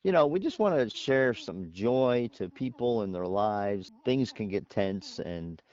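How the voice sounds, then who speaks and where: A man's voice: fairly low pitch, animated, measured pace, a little mellow, highs cut off. A man co-hosting a casual chat show, talking at length and laughing often. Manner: chatty, laughs often, wordy. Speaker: podcast co-host.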